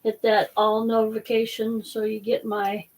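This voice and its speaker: A woman's voice: fairly high pitch, monotone, normal speed, a little mellow, recorded from a distance, rough recording. Chatty woman hosting a live stream. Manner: chatty, rambling, apologetic. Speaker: host. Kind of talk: casual live-stream chat while eating.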